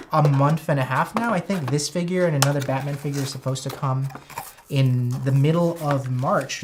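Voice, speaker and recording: A man with a high-pitched, whiny voice, rambling enthusiastically as he chats casually on a toy unboxing livestream. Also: background noise. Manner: rambling, enthusiastic, self-correcting. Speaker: toy collector streamer.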